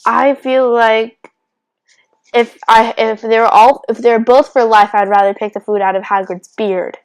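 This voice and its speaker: A young woman chatting casually on her own vlog, answering would-you-rather questions with quick restarts, giggly asides and frequent self-interruptions. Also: a little high, level tone, poor audio. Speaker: YouTuber.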